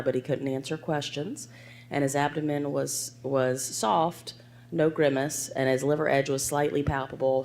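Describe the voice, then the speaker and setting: A hoarse woman moderating a panel at a medical conference. She reads out a clinical case in an even, clinical way. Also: extremely low pitch, a little hiss or hum. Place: conference hall.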